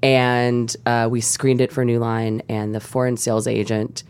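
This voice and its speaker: A woman guest on a panel interview, telling stories wryly and quickly, often laughing. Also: a bass voice, little pitch movement, a little mellow, smooth. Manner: wry, quick storytelling with frequent laughs. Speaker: TV writer guest.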